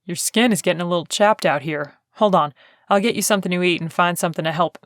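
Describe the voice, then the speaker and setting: A young Southern bodyguard, voiced by a woman reading an audiobook, easygoing and protective. He talks in a slightly lowered, unhurried drawl, caring rather than gruff. The take is dry and close. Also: no echo, close to an everyday voice. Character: gentle protective Southern country-boy bodyguard, young man. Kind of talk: audiobook character voice.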